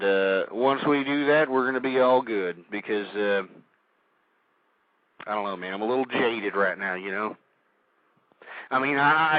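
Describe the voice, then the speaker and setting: A man hosting a call-in internet radio show, ranting vulgarly and shouting with passion. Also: medium pitch, no echo, narrow, tinny audio. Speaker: radio talk show host.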